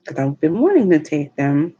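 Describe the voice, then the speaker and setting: A woman, a mother, telling stories in a relaxed, chatty way while eating on a livestream vlog. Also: low-pitched, slightly rough, highs cut off. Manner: slow, chatty storytelling with laughs. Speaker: mukbang vlogger. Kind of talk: casual chat while eating. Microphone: livestream mic.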